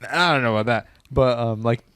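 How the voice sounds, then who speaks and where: Fast-talking man rambling in casual chat. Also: mid-range voice, a bit bright, clean tone, no room sound, clean studio sound. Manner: rambling, hesitant, lots of fillers and restarts. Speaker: podcast co-host.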